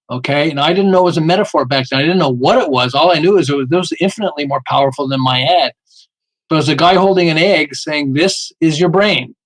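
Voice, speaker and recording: Guy on a podcast, high voice, punchy storyteller, keeps going "okay?". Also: poor audio. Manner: emphatic, keeps asking "okay?", acts out quotes. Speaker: podcast guest, marketing author. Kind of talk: animated storytelling interview.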